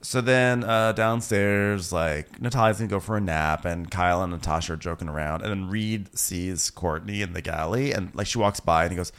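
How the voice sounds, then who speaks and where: A man's voice: sits low, moderate pace, few pauses, a bit bright, clear, resonant tone. A man co-hosting a casual, chatty conversation about a show. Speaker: podcast co-host. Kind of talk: casual chat.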